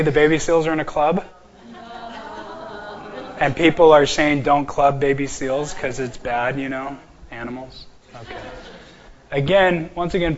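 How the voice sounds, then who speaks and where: A man lecturing a class from slides, his voice sitting a little high. He jokes and slows down to stress single words. The recording is dull and lo-fi. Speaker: apologetics teacher.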